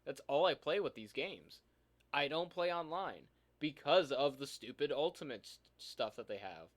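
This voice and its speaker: A man's voice: fairly high pitch, animated, normal speed. Giggly young man reading reviews. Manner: giggly, laughs through his reading. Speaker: YouTuber co-host. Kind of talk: casual chat, reading reviews aloud.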